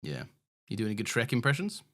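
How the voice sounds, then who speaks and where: A man's voice: mid-range voice, wildly swooping pitch, fast talker, sharp tone. A man co-hosting a podcast, chatting casually and jokily, swearing often and restarting his sentences. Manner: swears a lot, jokey, many restarts. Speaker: podcast co-host. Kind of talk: casual chat recapping an episode.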